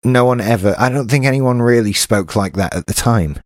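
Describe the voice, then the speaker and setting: A man's voice: mid-range voice, brisk, dry recording, studio quality. A British man co-hosting a podcast, chatting casually and often restarting his sentences. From Britain. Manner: chatty, self-interrupting. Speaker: podcast co-host. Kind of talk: casual chat.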